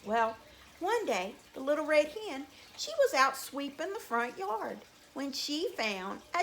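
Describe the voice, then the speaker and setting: Slow, sing-song woman reading a children's story. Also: sits high, sing-song, a bit bright, a little hiss or hum. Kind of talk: children's story time narration.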